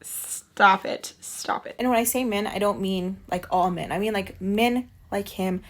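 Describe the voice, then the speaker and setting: A woman's voice: mid-range voice, moderate pace, a little mellow. A young woman tells a storytime at home while doing her makeup. She talks casually, with constant fillers and rising indignation. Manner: chatty, filler-heavy, indignant. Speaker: vlogger telling a nanny story.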